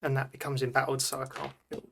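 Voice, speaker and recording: A man's voice: medium pitch, monotone, fast talker, vocal fry, fairly bright tone, husky. A man at a board game table, patiently explaining the rules step by step to the other players. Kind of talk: casual tabletop playthrough chat.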